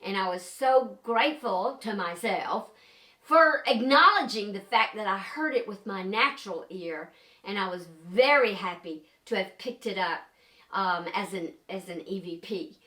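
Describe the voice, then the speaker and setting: An older woman, a paranormal investigator, telling a story to the camera in a chatty, lively way with many fillers. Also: medium pitch, measured pace, reverberant.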